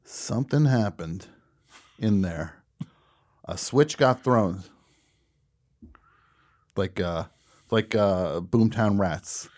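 Lowish-voiced guy hosting a radio show, animated, spinning a funny story and cracking himself up. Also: very slow, long pauses. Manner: animated, laughs at his own story. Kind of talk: casual comedic storytelling.

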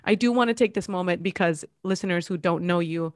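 A woman's voice: fairly low pitch, a little fast, a little mellow, dry recording, clean studio sound. A woman hosting a recovery podcast, encouraging her guest and openly moved to tears. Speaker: podcast host. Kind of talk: conversational interview.

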